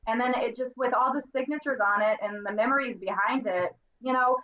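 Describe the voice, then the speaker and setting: A woman's voice: a little high, fairly quick, roomy sound, highs cut off. A woman on a video call as guest collector, bubbly and casual, saying "like" a lot. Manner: bubbly, peppers speech with "like".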